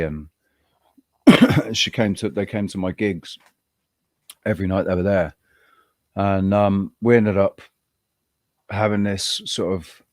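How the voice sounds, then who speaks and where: A man co-hosting a podcast, telling a personal story in a rambling, halting way with frequent restarts. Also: low-pitched, no room sound, studio quality. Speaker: podcast co-host. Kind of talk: casual chat.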